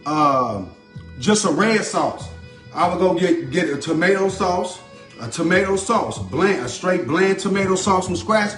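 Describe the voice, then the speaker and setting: A man cooks and chats to viewers on a live stream in his home kitchen, loose and talkative. His voice sits a little high, and the room rings with echo. Faint music plays underneath. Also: lively intonation, a little slow, a bit bright. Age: adult. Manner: loose and chatty, repeats a catchphrase, greets commenters. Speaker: home cooking host. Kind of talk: casual live cooking stream, chatting to viewers.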